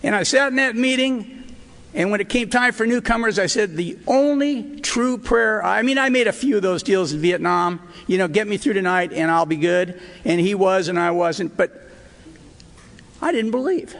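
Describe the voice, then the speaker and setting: A man's voice: high-pitched, moderate pace, gravelly, a bit bright. An older man sharing his personal recovery story at a meeting, earnest and emotional, with wry asides. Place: hotel meeting hall. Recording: reverberant hall recording.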